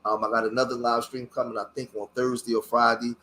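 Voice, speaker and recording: Earnest middle-aged man, halting livestream talk. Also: mid-range voice, little pitch movement, bright, forceful tone, slight background noise. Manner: halting and searching, many fillers and restarts; earnest, openly emotional about his past. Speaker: community activist hosting his own channel. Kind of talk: casual livestream talk while showing photos.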